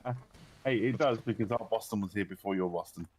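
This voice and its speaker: A lower-pitched man from the UK, chatting with a friend during a game. He teases and laughs often, with a faint hiss in the background. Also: fast talker, a little mellow. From United Kingdom. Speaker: co-player. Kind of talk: casual gaming chat.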